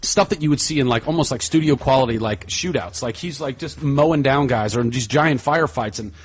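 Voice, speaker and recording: A man chatting casually as a podcast guest, enthusiastic and animated, often trailing off into fillers. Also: medium pitch, a little fast, slight background noise. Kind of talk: casual chat.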